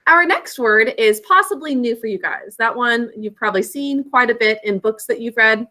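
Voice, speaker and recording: A woman teaching a spelling lesson in a high voice with a crisp, bright edge. She draws each word out slowly, sounding out its syllables. She keeps calling on the class to repeat after her. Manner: slow, drawn-out enunciation of words and sounds; call-and-response prompting.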